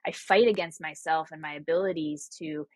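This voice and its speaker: Low-voiced woman, reflective podcast guest. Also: fairly even intonation, a little fast, dry recording. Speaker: interview guest. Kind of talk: casual conversational interview.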